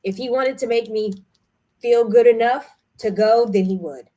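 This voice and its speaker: A woman's voice: fairly high pitch, moderate pace, warm tone. A young woman talking frankly to her camera about feeling tired and unwell, candid and emotional. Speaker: vlogger running group trips. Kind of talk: casual vlog talk.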